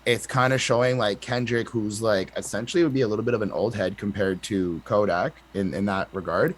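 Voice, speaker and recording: A man's voice: on the low side, steady tone, a little fast. A man co-hosting a podcast, giving his take on an album in a hesitant, filler-heavy way. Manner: hesitant, full of fillers and restarts. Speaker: podcast co-host. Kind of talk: casual album review chat.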